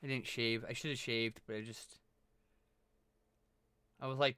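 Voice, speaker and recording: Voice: medium pitch, steady tone, unhurried, long pauses, smooth, no echo. A live streamer chatting casually with viewers, thanking them and swearing freely. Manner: greets and thanks viewers warmly.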